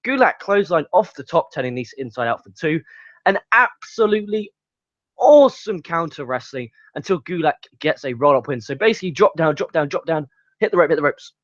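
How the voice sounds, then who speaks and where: Young male reviewer, high voice, profane ranting recap, dry lo-fi sound. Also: expressive, fairly quick, no echo. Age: young adult. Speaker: wrestling show reviewer. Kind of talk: casual review monologue. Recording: dull lo-fi sound.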